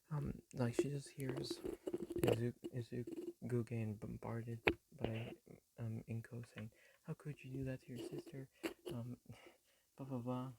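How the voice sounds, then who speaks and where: A man's voice: mid-range voice, vocal fry, background noise. A man casually retelling a fan story on his phone, rambling with lots of ums and likes and mumbling some of the quoted lines.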